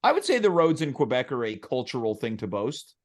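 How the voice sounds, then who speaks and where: A man's voice: medium pitch, big pitch swings, fairly quick. A man hosting a casual chat show, playful and teasing as he reads viewer questions. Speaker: host. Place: studio.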